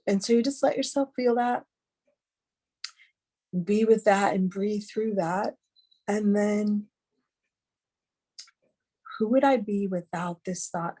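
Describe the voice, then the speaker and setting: A woman's voice: medium pitch, slow, pauses often, mellow. A middle-aged woman giving a candid, chatty teaching talk on a video call, earnest and full of fillers. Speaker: webinar speaker.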